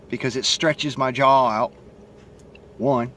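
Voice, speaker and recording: A man's voice: medium pitch, fairly even intonation, slow, fairly bright tone, a little hiss or hum. A man with a Southern accent and a stutter, talking bluntly and profanely into his cell phone in a rambling monologue. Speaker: vlogger. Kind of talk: casual monologue to camera.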